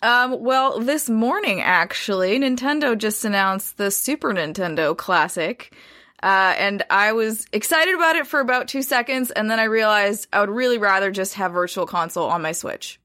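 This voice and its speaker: A woman's voice: medium pitch, normal speed, bright, forceful tone, no echo, clean studio sound. A woman who is a guest on a podcast, chatting in a friendly, straightforward way. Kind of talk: casual chat.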